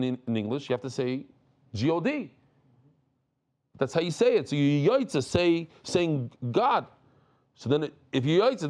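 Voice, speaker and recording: A man teaching a lively Talmud class, rambling and animated, mixing in Yiddish and Hebrew terms. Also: fairly high pitch. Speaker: Daf Yomi teacher.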